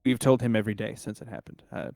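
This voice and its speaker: A man doing a calm, courteous temple woman. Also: lowish voice, fast, no echo, clean studio sound, natural voice.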